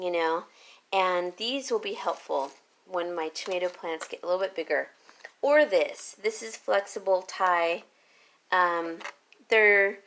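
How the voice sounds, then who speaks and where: A woman vlogger chatting casually about a garden haul, rambling and correcting herself as she goes. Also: mid-range voice. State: hiccups. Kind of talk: casual chat.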